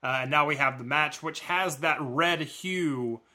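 Bright-voiced man reviewing wrestling. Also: measured pace. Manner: animated, mimics fans in high voices. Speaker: podcast co-host. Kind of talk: casual wrestling review chat.

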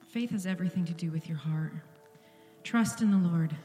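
A woman's voice: fairly low pitch, normal speed, mellow, reverberant, long reverb tail, soft background music. A woman pastor giving an earnest, intimate sermon in a church, at times dropping to a whisper. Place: church sanctuary.

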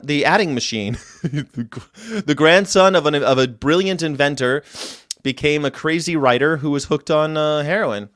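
A man's voice: on the high side, fairly bright tone, no echo, studio quality. A man hosting a casual livestream, rambling and chatty as he reacts to viewer comments and tells history tidbits. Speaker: host.

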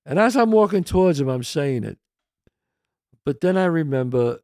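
A man, hosting a podcast and telling a casual, animated anecdote that shifts into quoted voices. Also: fairly high pitch, normal speed, pauses often, dry recording, clean studio sound. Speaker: podcast host. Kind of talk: casual storytelling.

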